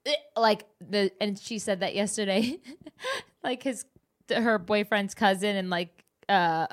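A woman's voice: mid-range voice, measured pace. A young woman co-hosting a casual podcast, telling stories with lots of swearing and giggles. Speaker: podcast co-host. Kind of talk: casual chat.

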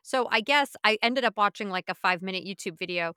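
A woman's voice: mid-range voice, fast talker, bright, forceful tone, clean tone, no echo, studio quality. A woman co-hosting a podcast, chatting casually and laughing easily. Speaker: podcast co-host. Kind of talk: casual chat.

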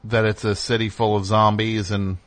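A man hosting a call-in radio show, speaking candidly and rambling, breaking off his own sentences and jumping up in pitch when he gets worked up. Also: flat delivery, normal speed, fairly bright tone. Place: radio studio.

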